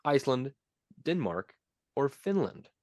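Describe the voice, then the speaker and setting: A young man hosts a casual podcast quiz, reading questions at a quick clip and needling his friend between answers. His pitch swings a lot as he talks. The sound is close and dry, with no room to it. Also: big pitch swings, a little mellow, no room sound. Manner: playful, teasing, reads quiz questions quickly. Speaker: podcast co-host running a quiz.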